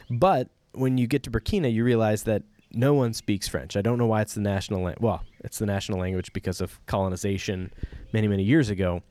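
A man's voice: lowish voice, darkish tone, no room sound. A man telling a personal story on a podcast in a casual, digressive way, with frequent fillers and restarts.

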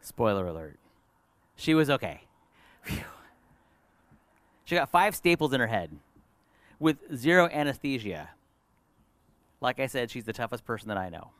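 A middle-aged man preaches as a pastor, mixing a personal story into his sermon. His voice sits in a middle pitch and he talks earnestly, rising to lively moments and dropping to hushed ones. The sound is dry and close, with no room echo. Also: normal speed, long pauses.

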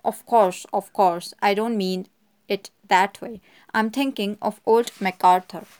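A woman's voice: medium pitch, fairly even intonation, unhurried, a little mellow, close to an everyday voice. A woman voicing a worried middle-aged male doctor who speaks in clipped, impatient bursts.

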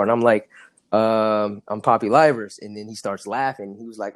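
A man's voice: lowish voice, fairly even intonation, fairly quick. A young man from California telling his story as a podcast guest, acting out the dialogue and laughing often. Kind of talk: casual storytelling.

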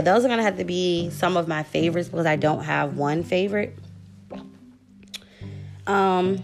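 A vlogger in her twenties answers questions to camera in a casual Q&A, her voice slightly low, gravelly, darkish and unhurried. She keeps pausing to excuse herself for hiccups and burps while faint music plays behind her.

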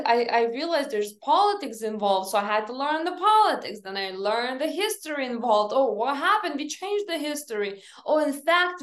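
A woman speaks as an interview guest in a voice a little higher than most. She tells her story earnestly and emphatically, with slightly grammar. The recording has a roomy, echoey sound. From Lithuania. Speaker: podcast guest, company founder.

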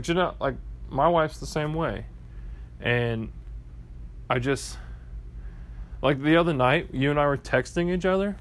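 A man's voice: medium pitch, slight background noise. A young adult man, rambling anxiously and playfully in a long voicemail to his co-host, full of fillers. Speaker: podcast co-host leaving a voicemail.

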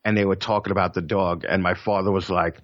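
A man's voice: low voice, steady tone, fast, dry recording. Profane rambling man, dull lo-fi sound. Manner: profane, rambling storyteller with stammered restarts. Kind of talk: casual chat.

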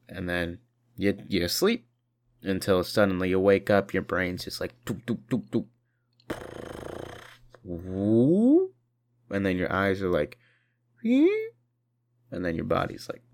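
A tired man rambling profanely through a casual video monologue, short on sleep. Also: sits low. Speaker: vlogger.

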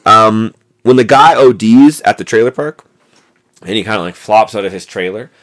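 This podcast co-host is a man with a lowish, fairly bright voice who talks at normal speed. He rambles casually about a movie, full of fillers and restarts, and the amateur mic recording is noisy.

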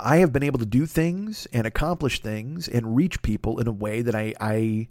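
A man's voice: mid-range voice, no room sound, clean studio sound. A man in his fifties, a podcast host, riffing in a casual, profane comedic monologue and acting out his own asides. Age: 50s.

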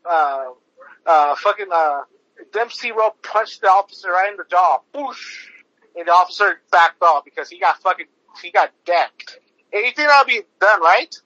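A man's voice: high-pitched, pushed and bright, no room sound. A man hosting a podcast, ranting casually with heavy swearing, lots of fillers and restarts. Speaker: podcast host. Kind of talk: casual profane podcast rant. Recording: dull lo-fi recording.

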